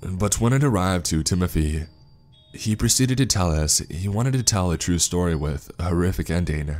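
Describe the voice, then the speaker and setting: A man reading a scripted horror story in a steady, grave manner. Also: low voice, normal speed, faint music behind. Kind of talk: scripted narration.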